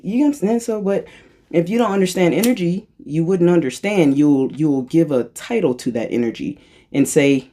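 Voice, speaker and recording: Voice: expressive, normal speed, warm tone. Playful rambling spiritual channeler. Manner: playful and self-mocking, jumps into high-pitched voices for quotes; rambling, restarts and corrects itself. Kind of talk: freestyle channeling monologue.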